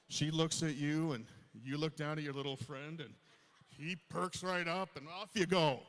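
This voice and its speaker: Fifties stand-up comic, self-deprecating, slightly high voice, live on a reverberant stage. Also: male voice. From Canada. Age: 50s. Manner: self-deprecating storytelling to a crowd. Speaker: stand-up comedian. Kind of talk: stand-up comedy set. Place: large hall on stage.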